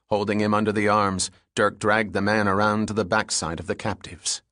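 A man narrating an audiobook thriller in a steady, measured reading. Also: on the low side, no echo, studio quality.

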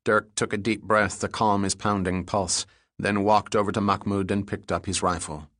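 A man narrating an audiobook thriller in a steady, measured reading. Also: lowish voice, no echo, clean studio sound.

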